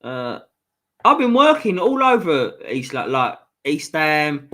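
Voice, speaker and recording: A man's voice: on the high side, sing-song, slow, a bit bright. A man from East London with a Cockney accent, rambling casually on a fan livestream and reading out the chat. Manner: rambling, chatty, frequent restarts, swears casually. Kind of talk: casual live stream chat.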